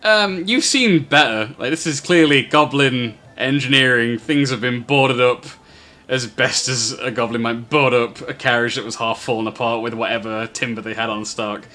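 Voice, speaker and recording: Bright-voiced male game master. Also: medium pitch, moderate pace. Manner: narrates with frequent fillers and chuckles. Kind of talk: narrating a tabletop game.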